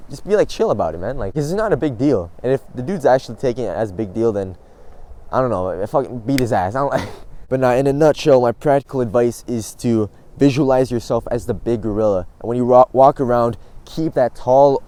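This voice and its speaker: A man's voice: mid-range voice, expressive, a little fast, warm tone. A young man giving casual self-improvement advice, blunt and swearing often, laughing at himself now and then.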